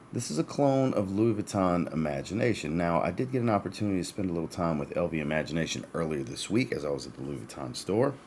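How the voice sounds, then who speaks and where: Man, low voice, hiccups, casual fragrance-review host, faint noise in the background. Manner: chatty, descriptive, addresses viewers as guys. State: has the hiccups.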